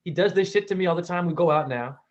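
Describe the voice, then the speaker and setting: A man's voice: sits high, quick pace, lo-fi sound. A man telling funny childhood stories on a podcast, acting out the voices of the people in them. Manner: theatrical, acts out voices in his stories. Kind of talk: animated comic storytelling.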